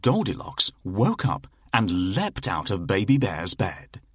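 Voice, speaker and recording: Slow, expressive male storybook narrator. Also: sits low, slight background noise.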